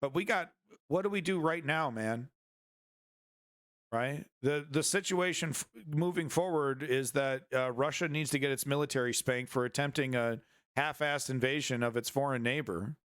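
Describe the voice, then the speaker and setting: A man's voice: mid-range voice, normal speed, fairly bright tone, no room sound, studio quality. A man hosting a live-streamed news show, rambling through casual commentary with crude jokes and many restarts.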